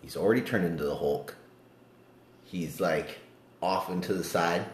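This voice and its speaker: A man casually discussing a movie, animated and profane, swinging between loud outbursts and low muttering. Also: normal speed, echoey room, slight background noise.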